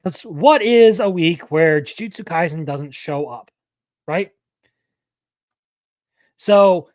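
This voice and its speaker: A man's voice: a little high, slow pace, long pauses, darkish tone, no room sound. A young man hosting a live anime news stream, talking casually and rambling, often correcting himself mid-sentence.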